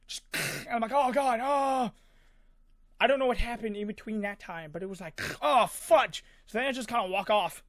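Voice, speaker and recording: A man with a high voice tells a story in a loose, rambling way, full of fillers and small sound effects. He is recorded close and dry, with no room sound. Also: fairly bright tone, no room sound. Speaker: vlogger. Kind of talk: casual storytelling.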